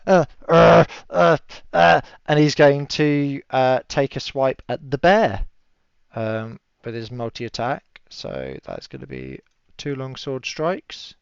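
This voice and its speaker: A man's voice: on the high side, takes it slowly, clear, resonant tone, no room sound. A man running a tabletop game as game master, chatty and laughing often, with lots of fillers. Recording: dull lo-fi audio.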